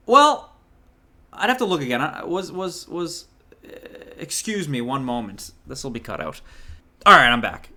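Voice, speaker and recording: A man's voice: fairly high pitch, pushed and bright. Heated, profane man ranting about a movie. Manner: heated, profane, rambling with many restarts. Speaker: movie reviewer. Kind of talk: casual ranting movie review.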